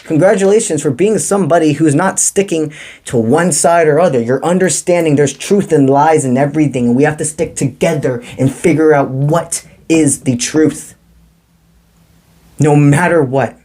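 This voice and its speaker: Mellow-voiced man giving a tarot reading. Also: fairly high pitch, moderate pace. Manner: calm, encouraging, mystical, casual slang. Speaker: tarot reader. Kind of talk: spiritual tarot reading to camera.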